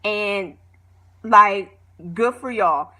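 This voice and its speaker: A woman vlogger casually recapping a reality show, animated, opinionated and full of slang. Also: mid-range voice, drawn-out words.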